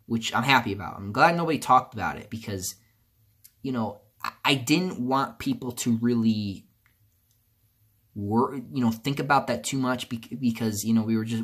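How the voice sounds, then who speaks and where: A man's voice: mid-range voice, moderate pace. Rambling young man venting on a vlog. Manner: rambling, many restarts and fillers, swings from subdued to loud outbursts. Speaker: YouTuber. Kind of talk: casual vlog monologue.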